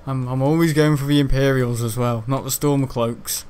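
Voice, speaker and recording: A man's voice: medium pitch, fairly even intonation, normal speed, darkish tone, clean tone. A man chatting casually on a gaming livestream, rambling and grumbling between frequent laughs. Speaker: gaming live streamer. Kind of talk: casual livestream chat while playing.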